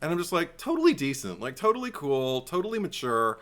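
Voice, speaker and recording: Animated laughing man critiquing a movie. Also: a little high, a little fast. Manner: animated, laughing often, acting out quotes. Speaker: podcast co-host. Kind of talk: casual movie critique chat.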